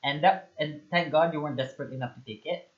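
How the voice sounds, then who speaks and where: A man's voice: a little high, fast talker. A man with a Filipino accent hosting a casual chat, playful and teasing, mixing English with Tagalog. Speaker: host. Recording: slightly muffled lo-fi audio.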